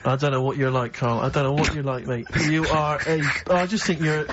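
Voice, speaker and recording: A man's voice: on the high side, fairly even intonation, fairly quick, fairly bright tone, muffled recording. Teasing, mock-scolding Liverpool man.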